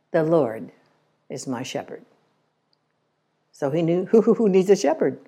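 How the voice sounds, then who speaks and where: An older woman speaks at a church gathering in a folksy, storytelling way and drops in wry little jokes. Her voice is mellow and warm and sits a bit low. She sometimes stumbles over repeated words when she gets caught up in a story. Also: big pitch swings, moderate pace, pauses often, breathy edge. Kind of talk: conversational church talk.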